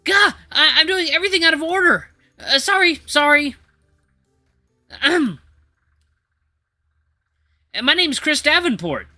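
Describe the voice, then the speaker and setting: A man voicing an eager, flustered young male shepherd-dog mentor with a put-on Australian accent, loud and apologetic. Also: extremely high pitch, big pitch swings, a little slow, pauses often, dry recording, faint music behind, pitched above the performer's own voice, full character voice. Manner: breathless, apologetic, overexcited.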